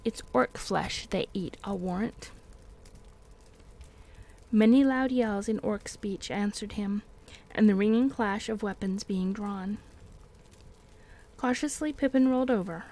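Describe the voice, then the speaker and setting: A woman reading a fantasy novel aloud on a live stream in a calm, steady storytelling voice. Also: medium pitch. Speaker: reader and streamer.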